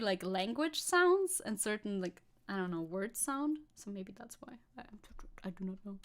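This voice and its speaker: Animated, laughing woman streamer. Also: fairly high pitch. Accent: non-native English accent. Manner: rambling, self-mocking, frequent laughs and restarts. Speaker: VTuber streamer. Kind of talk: casual livestream chat reacting to a video.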